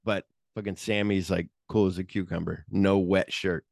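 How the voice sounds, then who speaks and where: A man's voice: low-pitched, flat delivery, moderate pace, creaky, a little mellow, no echo, studio quality. A man co-hosting a podcast, recapping a movie in casual profane chat and acting out the scenes in quoted voices. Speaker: podcast co-host.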